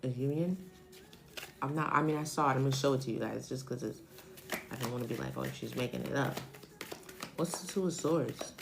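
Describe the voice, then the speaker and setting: A woman's voice: rumbling low, a little fast, gravelly, noisy background. A woman in her forties giving a casual, chatty tarot reading on a live stream, thinking aloud and wandering off topic. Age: 40s. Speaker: tarot reader.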